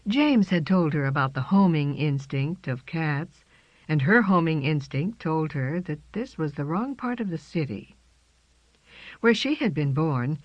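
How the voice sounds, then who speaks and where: A woman narrating a children's storybook in a slow, lilting reading voice, on a dry, slightly dull recording. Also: low-pitched, dry recording.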